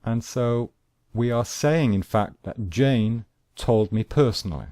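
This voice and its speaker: A man teaching an English grammar lesson, speaking slowly and deliberately and repeating his examples. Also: mid-range voice, dark tone, no room sound, clean studio sound.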